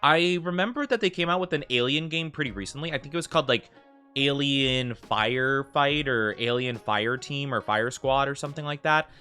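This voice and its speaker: An American man chats through a game livestream, drifting from thought to thought with plenty of filler words. His voice is bright and forward at a middle pitch, and a faint bed of music plays quietly beneath him. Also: normal speed, smooth. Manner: rambling, heavy use of fillers like "like". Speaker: streamer. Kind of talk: casual livestream chat.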